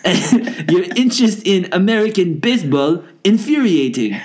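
A man voicing a pompous male French letter writer in a fake French accent, reading slowly. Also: high-pitched, very animated, a little mellow, voice pushed up. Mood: mock pompous.

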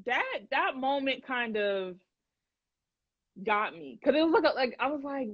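A woman's voice: sits high, animated, a little slow, long pauses, no room sound. A young woman hosting a livestream, chatting casually and animatedly with viewers in slangy talk, laughing often. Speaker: livestream host. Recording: dull lo-fi dry sound.

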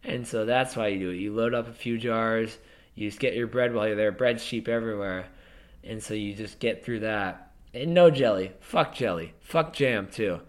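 A man's voice: lowish voice, normal speed. A man co-hosting a podcast, rambling casually with restarts and the odd swear word. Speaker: podcast co-host. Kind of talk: casual chat.

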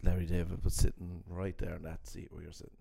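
A man's voice: low voice, monotone, fast, gravelly, mellow. A man, a comedian and podcast host, telling rambling stories in casual chat and laughing often. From Ireland.

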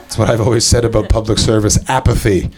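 A male stand-up comedian with a gravelly, creaky voice works the crowd on a club stage. His delivery is wry and teasing, with casual swearing, close on a handheld mic. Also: on the low side, steady tone, fast talker, very noisy. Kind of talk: improvised stand-up with crowd work.

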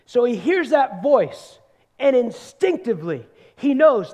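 A man preaching a sermon, emphatic, repeating words for stress and swinging between loud bursts and hushed asides. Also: very high voice, sing-song, moderate pace.

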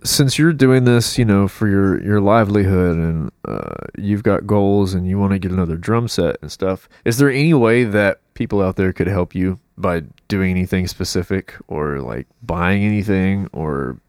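A man hosting a casual chat, easygoing and jokey, quick to laugh along with his guest. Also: low-pitched, expressive, darkish tone, no echo, studio quality. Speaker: podcast host.

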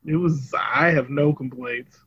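A man's voice: medium pitch, measured pace, a bit bright, slightly rough. A man co-hosting a podcast in casual chat, easygoing and often laughing. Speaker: podcast co-host. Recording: dull muffled audio.

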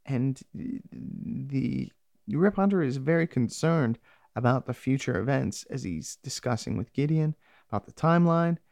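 A man's voice: medium pitch, creaky, no echo, studio quality. A man casually recapping a TV episode, rambling and profane, with sarcastic asides.

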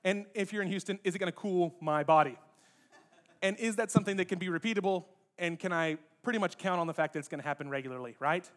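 A man preaching a conversational sermon as a pastor, lively and addressing the congregation directly with joking asides. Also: sits high, fast talker. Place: church sanctuary.

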